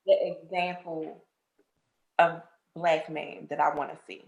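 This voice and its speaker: A woman's voice: low-pitched, level tone, unhurried, creaky, roomy sound. A woman co-host giving an affectionate farewell speech, laughing between lines. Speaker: talk show co-host.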